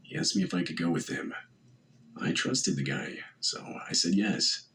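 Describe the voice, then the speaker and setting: A man narrating a first-person horror story in a steady, measured way. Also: low voice, slight background noise, rough recording. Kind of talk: scripted narration.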